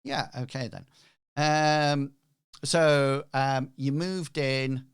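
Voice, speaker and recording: A man running a tabletop game as game master, talking hesitantly with many pauses and fillers. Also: mid-range voice, fairly even intonation, clear, resonant tone.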